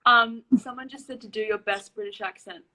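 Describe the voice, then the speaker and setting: A woman's voice: fairly high pitch, steady tone, fairly quick, bright, forceful tone, poor audio. A woman, chatting casually on a live stream and reading out viewer questions. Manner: reads out viewer questions, laughs easily. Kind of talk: casual chat.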